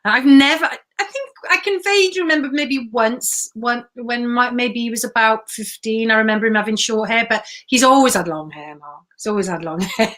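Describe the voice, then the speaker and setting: A woman, a podcast guest, chatting and telling stories with quick asides. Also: on the high side, fairly bright tone. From Wales. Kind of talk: casual chat.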